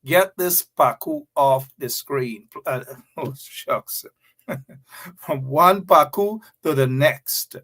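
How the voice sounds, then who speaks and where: A man's voice: on the high side, very slow, fairly bright tone. A man with a Guyanese accent hosting a live talk show, chatting to viewers in a sarcastic, joking way.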